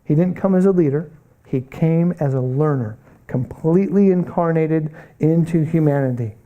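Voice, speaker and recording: A man's voice: on the high side, moderate pace, narrow, tinny audio. A middle-aged man teaching a Bible college missions class, preaching earnestly with rhetorical questions and bursts of urgency. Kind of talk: classroom lecture.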